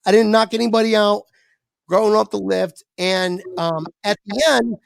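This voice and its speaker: A man with a gravelly, creaky voice tells a casual story on a podcast. He swears freely and jumps into other people's voices as he goes. The sound is close and dry, with no room echo. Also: high-pitched, moderate pace. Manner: animated, swearing, acts out quoted voices. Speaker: podcast guest.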